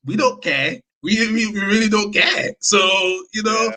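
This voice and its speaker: Passionate football fan. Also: male voice, high-pitched, measured pace. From Yorkshire, England. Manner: animated, passionate fan talk with many restarts. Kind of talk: casual live-stream football chat.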